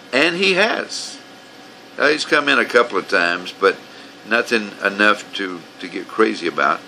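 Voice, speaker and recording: A man's voice: mid-range voice, gravelly, sharp tone, a little hiss or hum, rough recording. A man telling his grievances in a rambling, profane, aggrieved way, as casual storytelling. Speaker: vlogger telling his own complaints.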